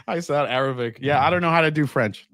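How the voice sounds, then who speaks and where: A man hosting a casual whiskey livestream, reading viewer comments aloud and chatting in a relaxed, enthusiastic way. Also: a little high, normal speed, no echo, clean studio sound. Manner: relaxed, enthusiastic, laughs often. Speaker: whiskey channel host. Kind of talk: casual livestream chat, reading super chats.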